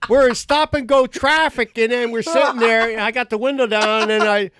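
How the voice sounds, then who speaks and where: A man's voice: extremely high pitch, fairly even intonation, moderate pace, background noise. A middle-aged man co-hosting a podcast, telling crude stories with lots of swearing and laughter. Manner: rowdy, swearing, laughing storyteller. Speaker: podcast co-host. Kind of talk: crude joking banter.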